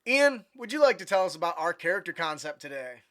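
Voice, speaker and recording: High, bright-voiced man chatting casually. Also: fast. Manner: animated, many fillers and restarts. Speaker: podcast co-host. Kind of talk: casual chat. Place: home room over the internet.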